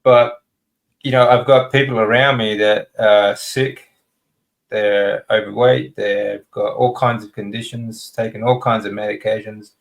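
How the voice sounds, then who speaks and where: A man hosting a casual interview, chatting in a relaxed, agreeable way with a gravelly voice. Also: fairly low pitch, measured pace, poor audio. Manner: relaxed and agreeable, many small affirmations.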